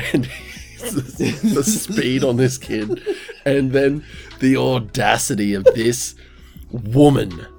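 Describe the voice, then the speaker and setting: A man's voice: medium pitch, slow, gravelly, over music. A man, co-hosting a podcast and telling a story with lots of swearing and laughter. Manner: animated storyteller, swears a lot, laughs often. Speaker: podcast co-host. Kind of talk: casual chat.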